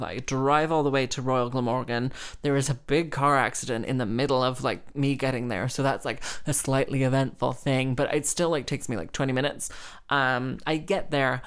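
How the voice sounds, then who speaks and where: A woman's voice: very deep voice, steady tone, normal speed, clean tone. A woman who plays the harp, telling a rambling, chatty anecdote full of "like" and small laughs. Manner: chatty and rambling, heavy use of "like", laughing between phrases. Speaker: harpist. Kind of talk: casual anecdote storytelling.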